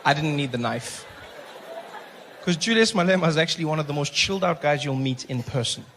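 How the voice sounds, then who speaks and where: A man's voice: on the high side, brisk, a faint crowd. A man performing stand-up comedy, telling a story with animation and acting out his own inner thoughts. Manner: animated, acts out characters and inner monologue. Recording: live stand-up with audience noise.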